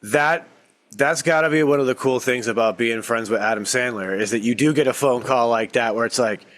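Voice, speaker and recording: A man co-hosting a podcast in casual chat, animated and repeating himself as he talks. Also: medium pitch, fairly quick. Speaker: podcast co-host.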